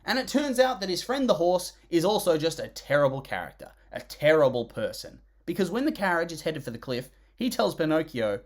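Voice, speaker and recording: A film reviewer delivers scripted comedic narration, dripping with sarcasm and exasperation. The voice swings widely up and down in pitch for emphasis, punctuated by disgusted groans and sighs. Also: big pitch swings, a little fast, hardly any pauses.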